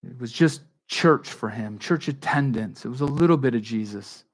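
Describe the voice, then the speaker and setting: A man's voice: mid-range voice, normal speed. Conversational, emphatic male pastor preaching. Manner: conversational and emphatic, with frequent restarts and asides to the congregation. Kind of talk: expository sermon.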